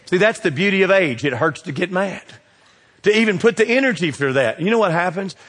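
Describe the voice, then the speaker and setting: A middle-aged man, preaching a sermon that swings between loud exhortation and hushed asides. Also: high-pitched, lively intonation, brisk, long reverb tail. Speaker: pastor.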